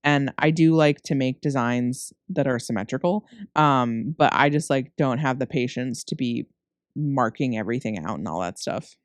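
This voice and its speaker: A woman's voice: a bass voice, normal speed, no room sound, clean studio sound. A woman narrating her cookie decorating tutorial as a casual, rambling voice-over, tired from recording late at night and laughing at her own slips. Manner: chatty, rambling, self-correcting, laughs at herself. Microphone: close microphone.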